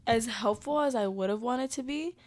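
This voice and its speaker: A woman's voice: fairly high pitch, normal speed. A woman guesting on a podcast as the host's mother, chatting casually, laughing along and reacting briefly. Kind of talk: casual chat.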